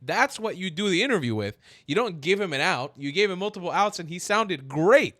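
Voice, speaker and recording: A man hosting a reaction commentary, blunt, joking and quick to swear. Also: sits high, animated, a bit bright, no echo. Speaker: commentary host.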